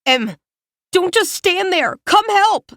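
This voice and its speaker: A woman's voice: high-pitched, big pitch swings, moderate pace, dry recording, clean studio sound, voice pushed up. A woman voicing a frantic teenage girl who gives urgent orders while tending a wounded boy. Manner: urgent, pleading, commanding.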